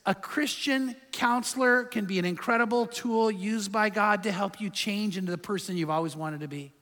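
A man's voice: high-pitched, normal speed, fairly bright tone, in a large hall. A man preaching a sermon in a conversational, emphatic way, asking his listeners rhetorical questions. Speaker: pastor.

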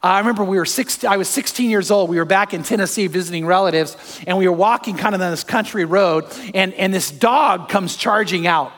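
A pastor preaching a sermon, telling personal stories that move from hushed to fervent. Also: male voice, high-pitched, fairly quick, hardly any pauses, in a large hall.

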